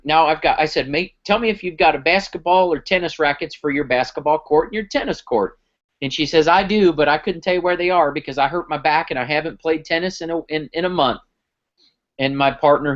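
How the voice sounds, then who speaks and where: Storytelling man pitching a product. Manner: storytelling, acts out dialogue. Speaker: company founder pitching product. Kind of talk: live sales presentation on a conference call. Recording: muffled lo-fi recording.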